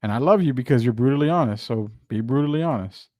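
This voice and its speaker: A man hosting a laid-back sports talk show, putting questions to his co-host in a loose, rambling way. His voice sits at a middle pitch and sounds dry and close to the mic. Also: animated, warm tone, no echo. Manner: drawn-out, questioning, conversational.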